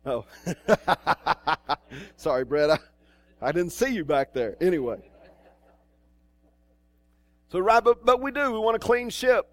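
A man's voice: high voice, expressive, slow, pauses often, no echo. A male pastor preaching a sermon in a church, in a conversational way with asides and restarts.

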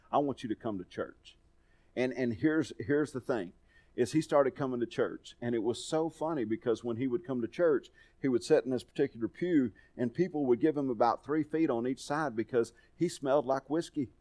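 A man's voice: medium pitch, dark tone. A middle-aged man preaching a sermon, telling folksy personal stories in a conversational way. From Texas. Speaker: pastor.

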